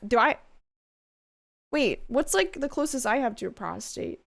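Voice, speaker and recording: A woman's voice: high-pitched, very animated, unhurried, vocal fry. A woman VTuber chatting casually on a live stream, crude and swearing freely, often breaking into squealing laughter. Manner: bursts into loud squealing laughter.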